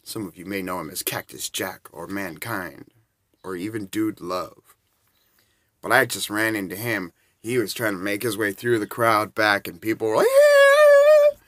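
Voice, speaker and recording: A man in his forties spins loose, rambling anecdotes, chuckling between the beats. His voice sits low but has a bright, sharp edge. The delivery is casual and unpolished. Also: fairly even intonation, normal speed, dry recording. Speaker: storyteller.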